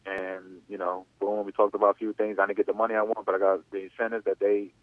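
A man in his thirties tells a long personal story at a quick clip. He rambles loosely and keeps padding it with "you know." His low voice comes through a thin, dry phone line. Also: little pitch movement, no room sound. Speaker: interview guest, former athlete. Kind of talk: casual spoken storytelling.

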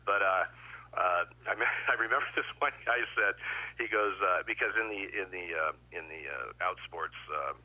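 Older male guest, very low voice, anecdotal and easygoing, muffled remote audio. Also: normal speed. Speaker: guest, retired baseball umpire. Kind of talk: casual interview chat.

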